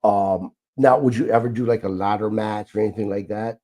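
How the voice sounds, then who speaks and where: Low-voiced podcast host. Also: male voice, fairly even intonation, brisk, dull audio. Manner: hesitant, many "um"s and filler words. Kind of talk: interview questions.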